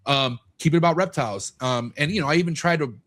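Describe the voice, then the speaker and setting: A man's voice: a little high, quick pace, fairly bright tone. A man in his thirties talking as a podcast guest in casual chat, candid and swearing freely, acting out what people said to him.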